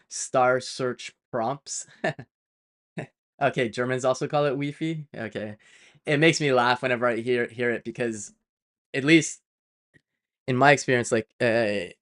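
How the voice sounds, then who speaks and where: A man talks through his coding work on a live stream in a loose, chatty way, full of "uh" and "like". He corrects himself mid-sentence and drifts off on playful tangents before getting back on track. His voice sits at an ordinary middle pitch for a man. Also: clear, resonant tone. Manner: chatty, rambling, many fillers and self-corrections; playful, prone to side tangents.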